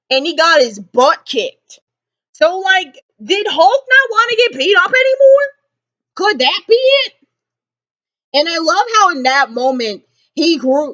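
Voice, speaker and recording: A woman's voice: high voice, a bit bright, highs cut off. A woman vlogger rambling emotionally about a film she just saw, repeating herself often. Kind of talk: casual movie reaction ramble.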